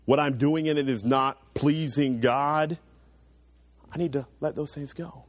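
A young man preaching a sermon to teenagers, earnest and urging, rising loud then dropping to quiet low asides. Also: measured pace, dry recording.

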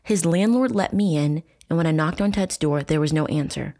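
A woman hosting a true crime podcast, reading book passages aloud with profane asides and dramatic shouting. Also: sits low, moderate pace. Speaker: podcast host.

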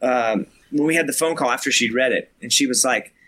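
A man's voice: medium pitch, fairly quick, a bit bright, a little hiss or hum. A man who is a filmmaker, a guest on a podcast, eagerly telling behind-the-scenes stories and acting out the quotes. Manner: eager storyteller who acts out quoted talk. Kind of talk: casual interview chat.

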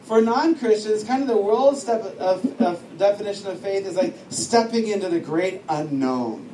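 A man's voice: sits high, lively intonation, moderate pace, mellow. A man giving an informal, chatty teaching talk to a class, wandering off on side stories and laughing often. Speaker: teacher at a discipleship school. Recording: echoey room, distant mic, faint noise.

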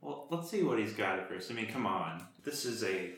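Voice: mid-range voice, very animated, normal speed, slight background noise. Player, mid voice, teasing jokes, roomy echo. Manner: joking, teasing banter. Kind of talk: casual tabletop play.

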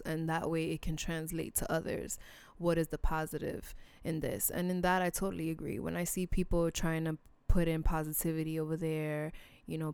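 A podcast host speaks in a low-pitched, slightly mellow, smooth voice with vocal fry, recorded dry. On her solo show she talks to listeners bluntly and earnestly, casual and emotional with some swearing, making sincere, heartfelt appeals.

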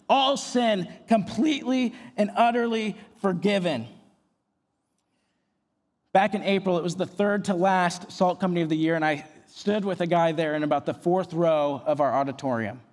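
A young man preaching a sermon as pastor, earnest and emphatic, with phrases repeated for weight. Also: sits high. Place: large auditorium. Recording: long hall reverb.

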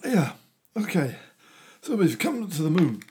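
A man's voice: on the high side, big pitch swings, measured pace, mellow, a little hiss or hum. A man hosting a comedy show, rambling and interrupting himself as he improvises a cheery children's story. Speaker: host.

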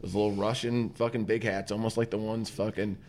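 A man's voice: fairly low pitch, little pitch movement, a little fast, darkish tone, a little hiss or hum. A man hosting a podcast, retelling a cartoon plot in a rambling, profane way. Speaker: podcast host. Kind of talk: casual chat.

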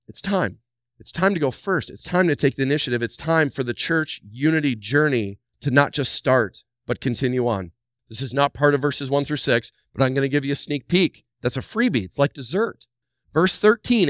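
A man preaching a sermon as a pastor, animated, acting out the voices of church members. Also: mid-range voice, no echo, clean studio sound.

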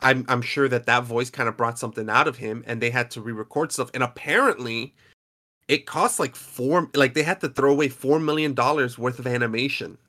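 A man's voice: medium pitch, fairly quick, pushed and bright. A man hosting a casual podcast chat, talking in a chatty, rambling way with frequent restarts. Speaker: podcast host.

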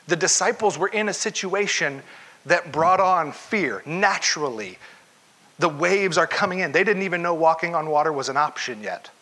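Bright-toned man preaching a sermon. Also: on the high side. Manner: conversational, questions the audience, acts out quotes. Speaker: pastor. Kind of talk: interactive sermon.

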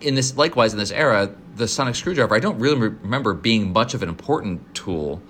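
A man's voice: on the low side, lively intonation, fast talker, fairly bright tone, slight background noise. A man co-hosting a podcast, talking casually and enthusiastically, rambling with frequent restarts. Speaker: podcast co-host. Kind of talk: casual chat.

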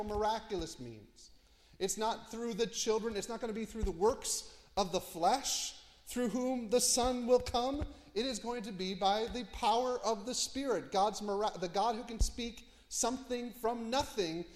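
A man preaching an expository sermon, telling the story with lively asides and dropping low and quiet for emphasis. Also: measured pace, long reverb tail. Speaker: pastor.

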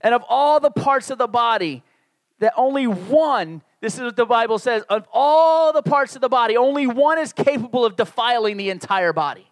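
A man's voice: very high voice, lively intonation, moderate pace, dry recording, clean studio sound. A man in his forties, raised in the Northeastern United States, preaching a sermon in a candid, conversational way with self-deprecating asides. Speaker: pastor.

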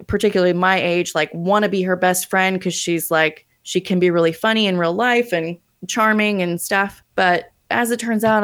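A woman's voice: mid-range voice, fairly bright tone. A woman co-hosting a casual movie chat, blunt and opinionated, swearing freely. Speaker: podcast co-host.

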